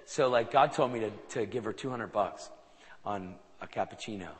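A man preaching a sermon to a live audience. He tells anecdotes in an animated way and acts out the dialogue. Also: fairly low pitch, normal speed, heavy background noise. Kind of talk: sermon storytelling. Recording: long reverb of a large hall.

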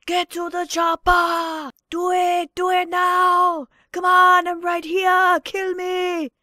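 A woman putting on a booming action-hero man who bellows orders. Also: monotone, slow pace, sharp tone, no room sound, clean studio sound, heavily acted. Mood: shouting.

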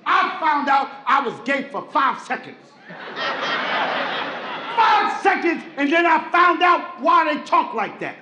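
A middle-aged man from the Bronx, doing a loud, animated stand-up comedy routine on stage. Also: slow. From the Bronx, New York. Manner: loud and animated, shouting punchlines, dropping into deep voices for other characters. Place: large comedy stage with a live audience. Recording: echoey live venue with crowd noise.

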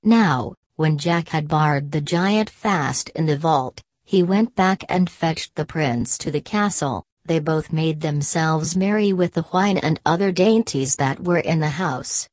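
Rich: a woman with a low voice narrating a bedtime audiobook, slow and soothing. The recording is dry and close. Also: a little mellow, no room sound.

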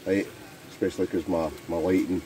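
A man with a Scottish accent chatting casually with friends while cooking at a wild camp, animated and joking. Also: deep voice, fairly quick, slight background noise. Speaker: vlogger, wild camper. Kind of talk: casual camping vlog chat. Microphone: handheld camera.

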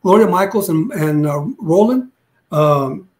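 Speaking at a measured pace in a high-pitched, animated voice, a retired police detective in his later years recounts a lengthy story during a relaxed interview. His telling meanders with frequent restarts, and he performs other people's lines as quotes.

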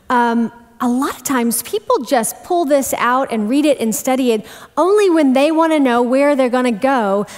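High-voiced woman preaching a chatty sermon. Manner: chatty, self-deprecating and animated. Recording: long hall reverb.

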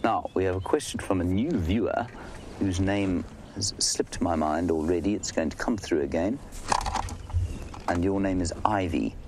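Deep-voiced male safari guide. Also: normal speed, background noise. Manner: chatty, explanatory, addresses viewers by name. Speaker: safari guide and live host. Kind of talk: live safari commentary answering viewers. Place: outdoors in the bush. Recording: faint outdoor ambience behind.

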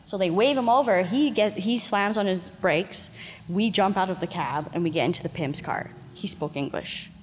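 Swearing freely and laughing often, a Canadian guest in her thirties recounts her story in casual talk, mimicking the voices of people in it. Her voice sits in the mid-range at a moderate pace, recorded in an echoey room with long reverb and faint noise.

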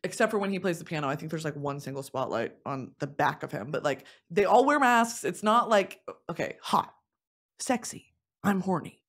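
Animated young woman, lively comic storytelling. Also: moderate pace, slightly rough. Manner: animated, swings from low confiding mutters to shrieking laughs and squealed whispers. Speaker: podcast host. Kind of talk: casual comedic storytelling.

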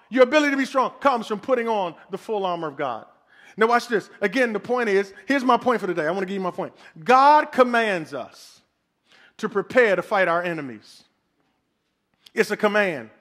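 A pastor delivering a sermon, preaching emphatically with lots of repetition and call and response. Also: male voice, sits high, a bit bright.

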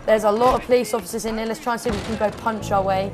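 Brit male let's-player, high-ish, excitable, shouty, over loud game music. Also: rapid-fire. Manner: excitable, shouty, laughing commentary. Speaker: gaming YouTuber. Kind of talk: let's play commentary. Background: loud game music and sounds.

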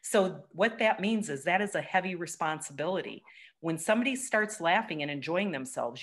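A woman with a low voice leads a laughter workshop over a video call. She is encouraging and laughs often, and she breaks into loud chants. The call audio is noisy. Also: lively intonation, moderate pace. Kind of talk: online workshop talk.

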